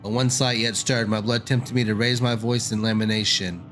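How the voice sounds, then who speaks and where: A man's voice: fairly low pitch, fairly even intonation, moderate pace, a bit bright, soft background music, natural voice. A man reading a solemn ancient dragon. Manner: solemn, archaic speech. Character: ancient, brooding, fatalistic dragon. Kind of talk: reading game dialogue aloud.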